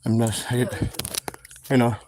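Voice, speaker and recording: A man's voice: mid-range voice, completely flat delivery, moderate pace, a little mellow. A man hosting a live stream while walking outdoors, blunt and heated, repeating his points. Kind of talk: walk-and-talk live stream. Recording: street traffic noise behind.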